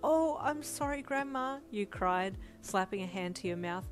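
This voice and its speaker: Woman reading a cheeky young heroine, playful, high, audiobook fanfic, music behind. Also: little pitch movement, moderate pace, close to an everyday voice. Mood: flustered.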